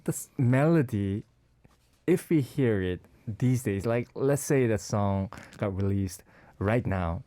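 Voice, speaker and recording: A man's voice: lowish voice, lively intonation, slow pace, warm tone, dry recording. A man co-hosting a radio music show, casually presenting a song pick and searching for his words. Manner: hesitant, many fillers and restarts, searching for words. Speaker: radio co-host.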